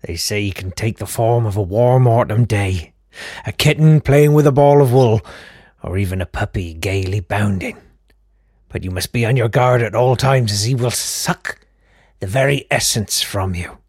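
A man's voice: lowish voice, moderate pace, a little mellow, husky, no room sound, studio quality. A man voicing an anxious, superstitious male village barkeep who gives urgent warnings, in a comic audio story.

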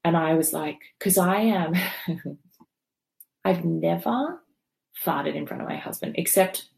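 Low, gravelly woman telling her story. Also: slow, a little mellow. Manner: raw, emotional, swears freely; rambling with many fillers and restarts. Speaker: podcast guest telling her birth story. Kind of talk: candid personal storytelling.

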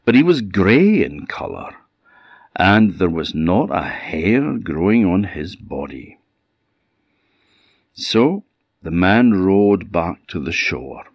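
Deep-voiced Orkney Scottish storyteller. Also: male voice, dry recording, clean studio sound. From Orkney, Scotland. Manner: animated, dramatic pauses. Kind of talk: folk tale storytelling.

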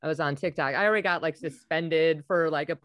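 A woman's voice: deep voice, fast, no echo. A woman comedian chatting casually on a podcast, swearing freely and laughing through her stories. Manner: crude, laughing, lively storyteller. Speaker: comedian guest.

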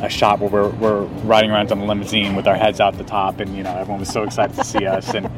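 A man's voice: fairly low pitch, completely flat delivery, fast talker, recorded from a distance, over music. A man, an actor guest, chatting casually in an interview with a lot of restarts and easy laughter.

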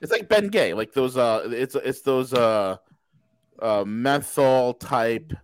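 A man's voice: medium pitch, animated, slow, a little hiss or hum. A man hosting a casual podcast chat, teasing his co-hosts and laughing often. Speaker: host.

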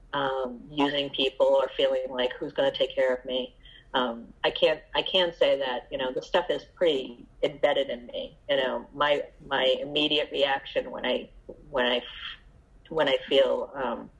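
A middle-aged woman giving a candid, halting personal share at a recovery meeting, with many fillers and restarts. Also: very deep voice, flat delivery, husky, lo-fi sound.

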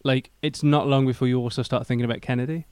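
A man's voice: medium pitch, fairly even intonation, fast, a little mellow, clear, resonant tone, no room sound. A man co-hosting a podcast, chatting casually and laying out theories in a laid-back way. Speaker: podcast co-host. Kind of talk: casual chat.

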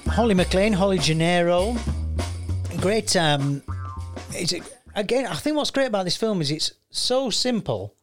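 A man hosts a loose podcast conversation, talking at length and laughing often. His voice sits a little high for a man. He speaks casually and keeps the talk moving. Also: lively intonation, unhurried, soft background music. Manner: chatty, rambling, laughs often. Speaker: podcast host. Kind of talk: casual chat.

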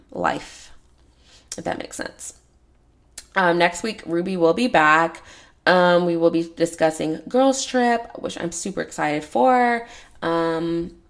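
Young woman podcast host, hoarse and gravelly, low voice, rambling chat. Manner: rambling, many "like" and "um" fillers. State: hoarse, raspy throat. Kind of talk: casual solo podcast chat.

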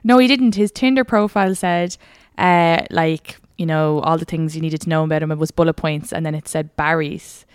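Irish female co-host, chatty, giggly, smooth voice, dry close sound. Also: sits low, fairly even intonation, normal speed, few pauses, no echo. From Ireland. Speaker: podcast co-host. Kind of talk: casual chat.

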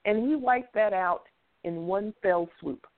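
Over tinny, phone-like audio, a show regular gives her blunt opinions in a relaxed chat, letting out occasional chuckles. Her voice is medium in pitch and unhurried.

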